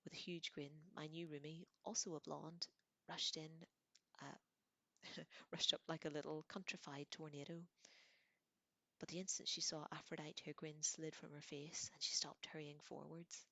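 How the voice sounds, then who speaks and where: A woman reading a novel aloud in a soft voice that often drops to a whisper, with casual asides. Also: sits low, little pitch movement, normal speed, dry recording. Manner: casual asides between passages. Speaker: audiobook reader.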